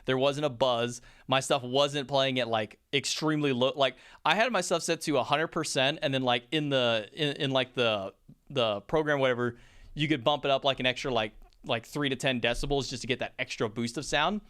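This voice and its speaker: A man's voice: medium pitch, moderate pace, fairly bright tone, clean tone. A man who casts esports, telling stories in a casual chat and rambling with lots of fillers and restarts. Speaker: esports caster and podcast guest.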